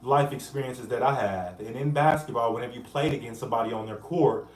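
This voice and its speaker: A man hosting a casual livestream. He talks in an animated way and breaks off to greet viewers by name. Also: medium pitch, fast talker, reverberant, a little hiss or hum. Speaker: livestream host.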